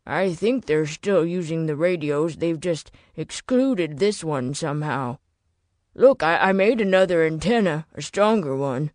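A man's voice: a little high, expressive, measured pace, darkish tone, no room sound. A woman voicing a tired, fussy man who tinkers with radios, explaining himself in a dry, defensive way. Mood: weary.

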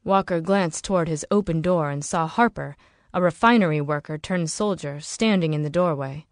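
A woman narrating a novel in a steady, measured way. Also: low-pitched, no room sound, studio quality. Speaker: audiobook narrator. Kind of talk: scripted narration.

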